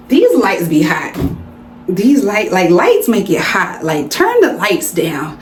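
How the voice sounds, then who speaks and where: A woman's voice: medium pitch, big pitch swings, moderate pace, slight background noise. Brief: woman, late 20s, chatty vlogger, echoey room. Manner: chatty, playful, talks straight to viewers. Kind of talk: casual chit-chat vlog. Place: indoors under hot lights. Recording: roomy indoor sound with faint music.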